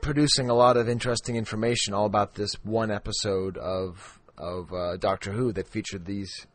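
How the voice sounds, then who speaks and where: A man's voice: on the low side, fairly even intonation, a little fast. A man co-hosting a podcast in casual chat, rambling and restarting his sentences with plenty of fillers. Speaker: podcast co-host.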